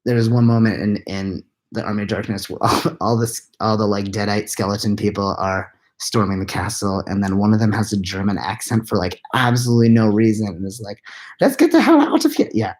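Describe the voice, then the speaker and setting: A tired man, likely in his thirties, answering live chat questions into a laptop at home at night, keeping his voice hushed and rambling with quiet self-mocking laughs. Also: fairly low pitch, little pitch movement, fairly quick, few pauses. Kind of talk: late-night live chat Q&A, half-whispered. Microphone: laptop mic.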